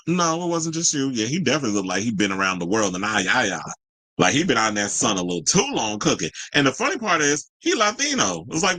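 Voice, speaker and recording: Male podcast host, sassy chatty commentary, lively pitch swings, bright voice, dry close sound. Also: breathy edge, no room sound, poor audio. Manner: sassy, animated, reads chat comments aloud. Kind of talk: casual pop culture commentary.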